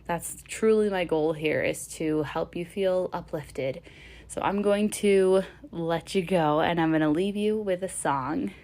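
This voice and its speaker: A woman podcast host with a lowish voice, speaking alone to her listeners. She sounds enthusiastic and heartfelt, counting through points with clear emphasis. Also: measured pace. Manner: warm-hearted, enthusiastic, listing takeaways. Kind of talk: solo podcast outro.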